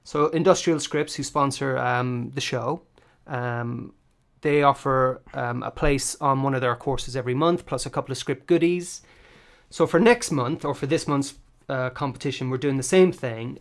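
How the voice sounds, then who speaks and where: Brief: male podcast co-host, mid-range voice, rambling casual delivery with lots of hesitations. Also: medium pitch. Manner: chatty, many ums and restarts. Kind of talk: casual chat.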